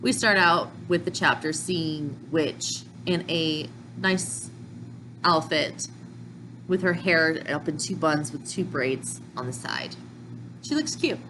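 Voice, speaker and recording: A woman casually recapping manga chapters in a chatty, excitable way, with slips and restarts. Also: low voice, slow, noisy background. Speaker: manga reviewer.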